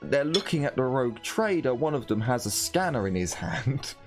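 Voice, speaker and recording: A man's voice: medium pitch, sing-song, moderate pace, soft background music. A man narrating a tabletop game as game master, wandering along with plenty of fillers and restarts. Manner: meandering, full of fillers and restarts.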